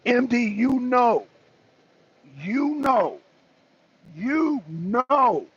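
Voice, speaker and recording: A man hosting a political talk show, excitable and argumentative, pressing his co-host with repeated questions. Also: very high voice, drawn-out words, husky. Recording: dull lo-fi recording.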